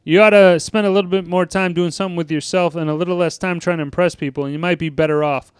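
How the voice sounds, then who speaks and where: A man reading out the lines of a gruff, threatening middle-aged male school principal in a taunting, bullying manner. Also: high-pitched, fairly even intonation, fast, no room sound, studio quality, close to an everyday voice.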